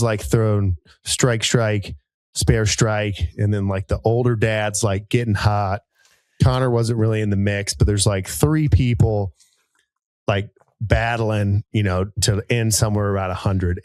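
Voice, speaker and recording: A man in his thirties, a podcast co-host telling a rambling, animated story with many fillers and jumps into high voices for people he quotes. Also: no room sound. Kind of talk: casual storytelling chat.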